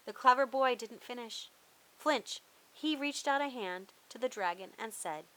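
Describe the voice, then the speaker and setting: A woman reading a children's picture book aloud as a storyteller, playful and expressive with dramatic pauses. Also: a little high, low-quality recording.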